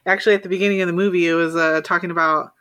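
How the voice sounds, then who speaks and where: A man's voice: high voice, fairly even intonation, very fast, bright, forceful tone, clean tone. A man in a casual movie podcast, talking hesitantly with many fillers. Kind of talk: casual movie-review chat.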